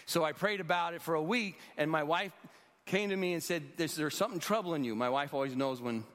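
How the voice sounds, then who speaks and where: A man's voice: fairly high pitch, brisk, fairly bright tone. A man in his sixties, leading a rescue mission, telling a testimony in an earnest storytelling preacher's manner. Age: 60s. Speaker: rescue mission leader speaking at churches. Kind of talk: testimony talk in a church. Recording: long hall reverb.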